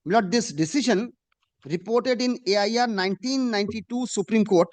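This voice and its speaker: A man, arguing a case before a judge in a courtroom, deferential and emphatic, slowing down to read judgments aloud. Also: high-pitched, a little mellow. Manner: deferential, addressing the bench as "my lord" again and again; slow and emphatic when reading out judgments. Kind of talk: formal courtroom argument.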